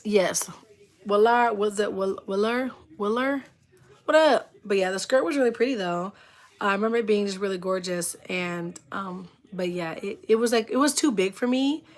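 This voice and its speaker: A woman's voice: mid-range voice, normal speed. A woman hosting a casual livestream, telling rambling stories full of "like", laughing, and greeting viewers in chat. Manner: expressive, laughs often. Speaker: livestream host.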